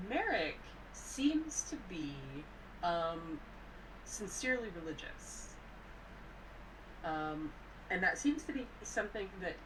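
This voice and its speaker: A woman co-hosting a podcast, talking through a film thoughtfully with frequent hesitations. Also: mid-range voice. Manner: thoughtful, hesitant, many fillers. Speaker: podcast co-host. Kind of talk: casual film discussion. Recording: distant mic with clear background hiss.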